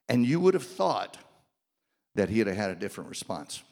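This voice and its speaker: A man preaching a sermon, swinging between loud, raised passages and hushed, quiet ones. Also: lowish voice, sing-song, normal speed. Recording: long hall reverb.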